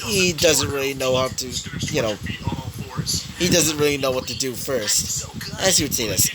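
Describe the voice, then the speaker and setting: A man's voice: medium pitch, moderate pace, long pauses, poor audio. A man improvising a fan-story narration, rambling with many fillers and you-knows, with crowd noise behind.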